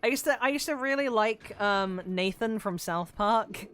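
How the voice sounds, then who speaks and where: A woman streamer chats casually while playing a game, in a medium-pitched, fairly bright voice at normal speed that she calls androgynous. She rambles, swears freely and uses many fillers.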